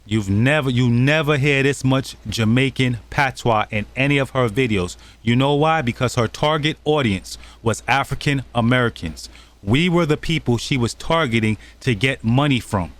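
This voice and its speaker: A man's voice: mid-range voice, normal speed. A man hosting a channel, talking over clips in an accusatory, scolding commentary. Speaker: channel host.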